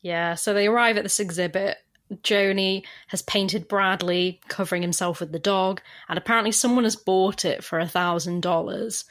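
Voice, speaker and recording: A woman hosting a podcast, recapping an episode in relaxed casual chat and laughing often. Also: mid-range voice, normal speed. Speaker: podcast host.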